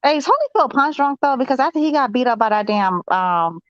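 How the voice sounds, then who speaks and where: A woman's voice: sits high, lively intonation, brisk, clear, resonant tone, no echo, lo-fi sound. A woman co-hosting a casual sports talk show, blunt and opinionated, with a salty way of talking. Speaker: podcast co-host.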